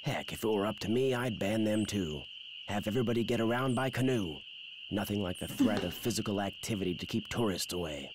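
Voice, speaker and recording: A man's voice: on the low side, animated, brisk, close to an everyday voice. An actor playing a curt, sardonic male birdwatcher who dislikes tourists, in a video game. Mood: dry, grumpy. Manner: dry, sardonic, clipped. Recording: game audio with night insect noise. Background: crickets and insects.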